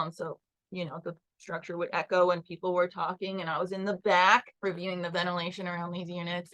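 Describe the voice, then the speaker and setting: A woman's voice: fairly low pitch, bright, forceful tone, poor audio. A woman, a construction project manager, candidly recounting a workplace incident as an interview guest. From Los Angeles. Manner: earnest, recounts events with quoted dialogue.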